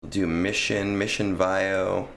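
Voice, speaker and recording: A man's voice: sits low, level tone, slow pace, gravelly, a bit bright, slight background noise. A man streaming a game, chatting casually with viewers in a rambling way full of fillers. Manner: rambling, filler-heavy, talks to chat. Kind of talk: casual gaming stream chat.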